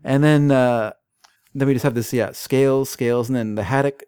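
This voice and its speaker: A man's voice: moderate pace, clear, resonant tone, no echo, clean studio sound. Man reading comics aloud with gusto. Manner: animated, reads quoted dialogue in lively higher voices.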